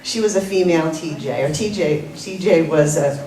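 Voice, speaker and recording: Woman, lowish voice, halting memorial talk, roomy echo, distant mic. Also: mellow. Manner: halting, many fillers, laughs through stories. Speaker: memorial speaker. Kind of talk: informal eulogy with anecdotes. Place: coffee house gathering. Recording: roomy, distant, live audience.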